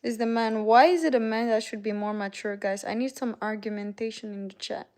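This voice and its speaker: A woman from Canada runs a laid-back livestream, saying hi to viewers by name and reading out their messages. Her voice is a bit high and slightly mellow, fairly quick, with mostly even intonation.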